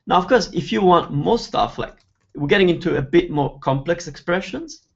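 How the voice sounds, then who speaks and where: Guy teaching over a webinar, kinda gravelly, muffled lo-fi sound, chatty explaining. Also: sits high, lively intonation, normal speed. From Italy. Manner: chatty, explains words one by one with examples. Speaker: Italian teacher hosting a webinar. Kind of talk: live online Q&A lesson.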